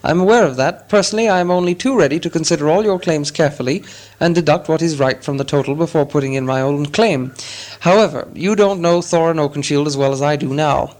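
A man voicing a fussy, polite hobbit gentleman who talks in a prim, businesslike way with a squeaky voice. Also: fast, lightly acted.

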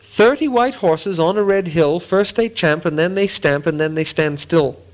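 Timid polite hobbit for a storybook, played by a man, raised voice, lifted pitch, nervous. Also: normal speed, lightly acted. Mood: anxious. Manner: nervous, eager to agree. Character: anxious polite small hobbit, frightened.

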